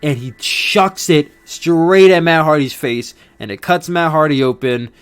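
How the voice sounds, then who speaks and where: A young man in casual chat, recapping wrestling, excitable and rambling with frequent restarts. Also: a little high, measured pace, clear, resonant tone. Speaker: podcast host reviewing wrestling.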